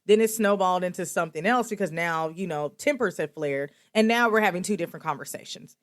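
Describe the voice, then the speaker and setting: A young adult woman hosts a podcast, telling a personal story in a candid, animated way. She jumps up in pitch when she acts out quoted lines. Her voice sits a bit low, and the close mic sounds dry. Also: fast talker, no echo. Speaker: podcast host.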